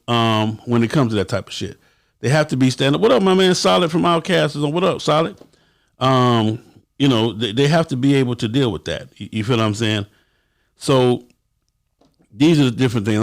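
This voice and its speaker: Man hosting a motorcycle club livestream, blunt, profane, talks straight to viewers, mid pitch. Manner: blunt and profane, acts out quotes in a raised voice. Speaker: motorcycle club host giving advice.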